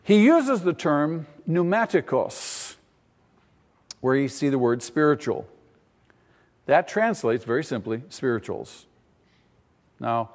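A man's voice: medium pitch, a little mellow, in a large hall. A man preaching a teaching sermon, asking the congregation questions and rising in emphasis. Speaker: pastor.

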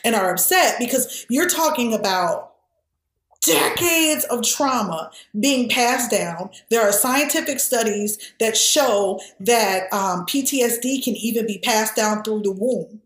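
A woman raised in the American South talks earnestly, her voice sitting fairly high. She tells stories in an animated way, stacking restarts and "like." The room around her rings with echo. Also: measured pace. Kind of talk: candid conversational discussion.

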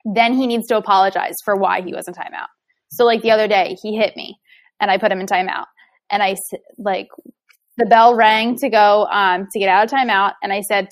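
A woman's voice: medium pitch, fairly even intonation, brisk. A young woman and mother chatting casually about parenting, telling stories with lots of "like" fillers. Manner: chatty, filler-heavy storytelling with laughs. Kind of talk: casual chat.

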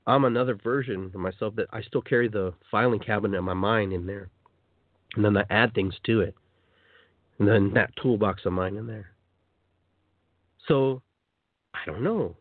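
A man hosting a spiritual self-help radio show, talking in an animated way and acting out the voices he quotes. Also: lowish voice, normal speed, long pauses, no echo. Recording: tinny phone-like dry line.

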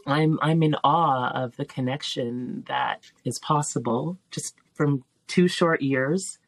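A middle-aged woman, a teacher and filmmaker, talking as a podcast guest in an earnest, emotional way, pausing with frequent ums and restarts. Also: extremely low pitch, creaky, no room sound. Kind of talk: reflective heartfelt conversation.

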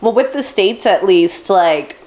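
A young woman co-hosting a podcast, chatting casually and chiming in with quick reactions. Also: mid-range voice, animated. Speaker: podcast co-host. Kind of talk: casual chat. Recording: clear background noise.

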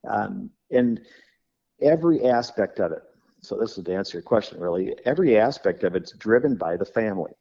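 A man's voice: lowish voice, animated, fairly quick, vocal fry, warm tone, dull audio. A man who runs a funeral home, talking on a podcast and rambling through stories while he acts out the dialogue. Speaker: funeral director. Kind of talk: podcast conversation.

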